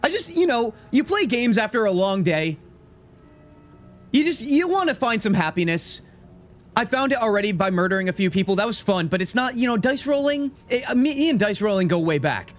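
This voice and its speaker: A young man streaming gameplay live, excitable and teasing as he banters with his chat. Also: sits high, fairly quick.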